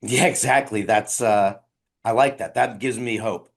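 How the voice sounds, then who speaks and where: A woman hosting a podcast, chatting casually with halting, short replies. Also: rumbling low, husky. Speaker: podcast host. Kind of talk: casual interview chat.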